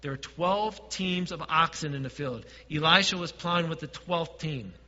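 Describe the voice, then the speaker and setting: A man preaching a sermon as pastor, dropping to quiet asides and swelling to emphatic points. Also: a little high, moderate pace, big-room sound, muffled recording.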